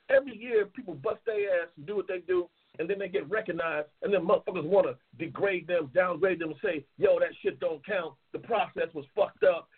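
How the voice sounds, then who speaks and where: A man's voice: sits high, slightly rough. Angry profane man on a tinny line. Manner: angry, profane, repetitive ranting. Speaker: talk show host. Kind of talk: profane ranting monologue. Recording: tinny phone-line audio.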